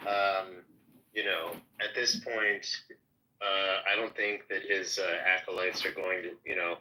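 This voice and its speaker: A man giving a measured take in a political discussion, with many fillers. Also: low voice, flat delivery, sharp tone, slight background noise, rough recording.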